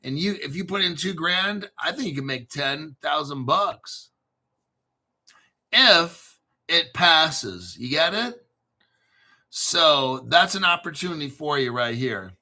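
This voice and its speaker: A man's voice: a little high, a little slow, sharp tone. A man hosting a crypto channel, ranting brashly and sarcastically and swearing a lot. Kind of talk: profane ranting monologue.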